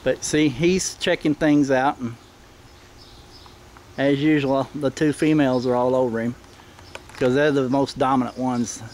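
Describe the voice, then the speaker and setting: A middle-aged man, filming himself outdoors in a backyard and explaining things plainly in a firm voice that turns sharp when he barks commands. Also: mid-range voice, fairly even intonation, measured pace, long pauses, a little hiss or hum. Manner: plain-spoken, firm commands with sudden sharp shouts at the dogs. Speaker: dog owner filming his own pack. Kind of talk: casual instructional narration. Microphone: handheld camera mic.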